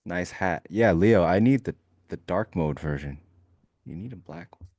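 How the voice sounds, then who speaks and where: A man with a very low voice trades jokes and market chatter on a live stream, dropping into playful quoted voices as he tells a bit. The sound is dry and close, with no room around it. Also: moderate pace, no room sound. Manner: joking, animated storytelling with put-on quotes. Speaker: futures trading stream co-host. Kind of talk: casual live-stream banter.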